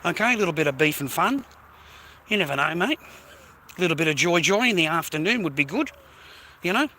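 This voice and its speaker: An Australian man rambles casually while walking the streets outdoors on a walk-and-talk live stream, holding his phone as he goes. His voice is on the high side, animated, brisk and bright with a forceful tone, and he's chatty, calling everyone "mate" and "bro" and swearing now and then.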